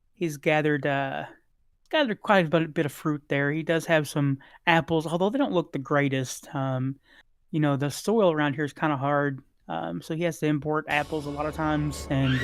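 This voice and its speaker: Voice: medium pitch, normal speed, no room sound, studio quality. A game master casually narrating a tabletop game with many fillers.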